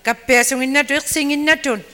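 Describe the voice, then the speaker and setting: An interpreter with a high, steady, pushed and bright voice speaks briskly, translating a sermon phrase by phrase into another language and echoing the preacher's acting. The recording comes from an echoey church hall with long reverb.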